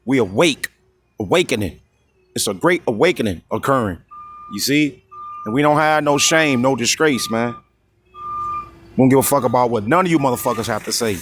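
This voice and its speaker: A man in the middle pitch range, preaching scripture in a confrontational, profane street style. He reads verses slowly and deliberately, then breaks off to ask his listeners whether they follow. A faint hiss of background noise sits under his voice. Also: animated, a bit bright. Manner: constantly repeats "you see?" and "you know what I mean?"; coarse, heated, confrontational.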